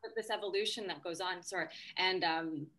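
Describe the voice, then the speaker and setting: A woman talking casually with a bright, forceful tone and a slightly low voice. She talks in a chatty, meandering way, full of fillers and restarts, as a podcast co-host. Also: a little fast. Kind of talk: casual discussion.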